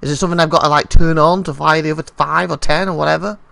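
A man's voice: on the high side, steady tone, quick pace, gravelly, sharp tone, no room sound. A man hosting a let's play, giving casual gameplay commentary and thinking aloud as he asks viewers questions. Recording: noisy home recording.

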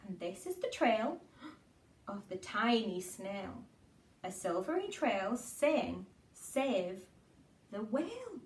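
A woman's voice: medium pitch, very animated, slow, far from the mic. A woman reading a picture book aloud to small children in a sing-song way, with playful asides. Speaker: children's storyteller. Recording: echoey room, away from mic.

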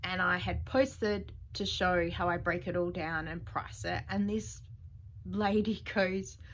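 Chatty Australian woman, bright and dry. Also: lowish voice, slow, no room sound. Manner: chatty, laughs often, animated retelling. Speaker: vlogger. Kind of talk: casual vlog chat.

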